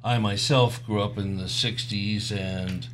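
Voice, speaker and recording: A man's voice: on the low side, steady tone, unhurried, a bit bright, slight background noise. Easygoing older man co-hosting. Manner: easygoing, joking. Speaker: podcast co-host. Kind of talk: casual chat with spouse.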